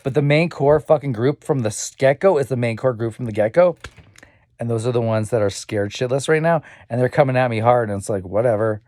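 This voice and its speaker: A young man rambles through a personal vlog monologue, repeating himself and swearing freely. His voice sits at an ordinary middle pitch, with sighs and muttered asides. The recording is dry, with no room echo. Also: a little fast, darkish tone. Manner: rambling, profane and repetitive. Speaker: vlogger.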